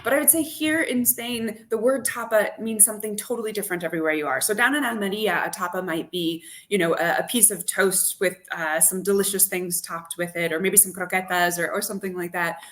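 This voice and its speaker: A woman talking as a guest on a radio chat, keen and full of lively detail as she describes food and drink. Her pitch sits in the middle range. She sounds like a tour guide who enjoys her subject. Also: brisk, hardly any pauses. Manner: enthusiastic, vividly descriptive. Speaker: wine expert and tour guide. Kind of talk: interview guest.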